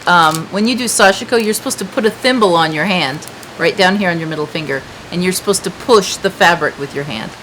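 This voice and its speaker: A woman's voice: fairly low pitch, fairly quick, a bit bright, a little hiss or hum, low-quality recording. A woman hosting a casual chat to viewers from a patio, talking in a chatty, rambling way with many fillers. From United States. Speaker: craft shop host. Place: outdoor patio.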